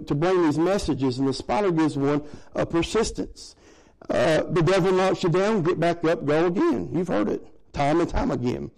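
A man's voice: a little high, a little mellow, rough recording. A middle-aged man preaching a sermon in a folksy, conversational way, chuckling between points. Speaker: pastor.

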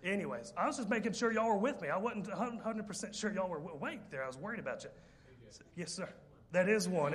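A male preacher with a fairly high voice tells a story from the pulpit. He jokes, wanders into asides and teases the congregation before getting back on track. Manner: lively, joking, rambling with asides. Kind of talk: sermon storytelling.

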